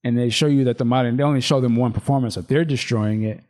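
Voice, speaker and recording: Male podcast host, loose casual delivery, reads script lines with bits of acting. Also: medium pitch. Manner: loose, animated, reads script aloud with quick acted lines.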